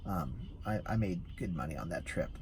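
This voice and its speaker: A man's voice: deep voice, animated, brisk, a little hiss or hum. A man who drives for rideshare, telling a story in a casual vlog, easily amused and rambling with restarts.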